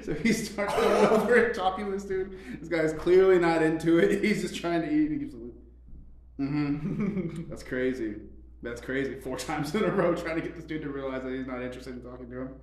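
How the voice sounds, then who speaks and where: A man's voice: on the high side, a little fast, darkish tone, a little hiss or hum. A man co-hosting a casual chat, telling wry anecdotes between laughs. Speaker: podcast co-host. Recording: roomy, with faint ambience.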